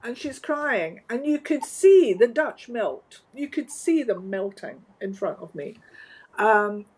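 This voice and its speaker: A Scottish woman, a guest from the flower trade, telling stories in an animated, wry and emphatic way. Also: a little high, slow pace, husky, low-quality recording. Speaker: interview guest, floral industry organizer. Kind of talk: conversational storytelling.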